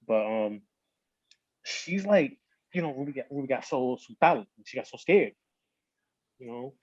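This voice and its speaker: A podcast host rambles through a casual chat, a bit tipsy and slurring at times, slipping in some Spanish. His voice is ordinary in pitch with a darkish tone. The recording is dry and dull, with a lo-fi mic sound.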